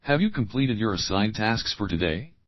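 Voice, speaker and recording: A man's voice: lowish voice, sing-song, no room sound, muffled recording. Man reading English drill questions. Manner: slow, clear drill reading, repeating each opening phrase. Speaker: English teacher. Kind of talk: reading example questions for learners.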